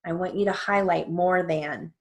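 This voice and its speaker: A woman's voice: lowish voice, fairly even intonation, moderate pace. A woman teaching stenography theory in a recorded lesson. She explains patiently, step by step, spells out letters one at a time, and often checks in with "okay". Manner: frequent fillers and check-ins like okay.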